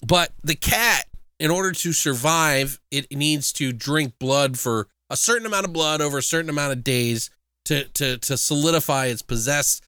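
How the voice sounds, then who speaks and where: A man's voice: a little high, normal speed, smooth, no room sound, studio quality. A man hosting a podcast, retelling a film plot in casual, profane chat. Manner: animated, profane storytelling. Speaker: podcast host, film reviewer.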